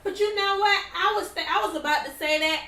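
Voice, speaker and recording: A woman with a high, bright voice co-hosts a casual chat, animated and opinionated as she makes her case. She sits back from the mic in a roomy, echoey space with a faint ambient hum. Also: fairly quick, distant mic. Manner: opinionated, animated, often acts out quotes. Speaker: podcast co-host.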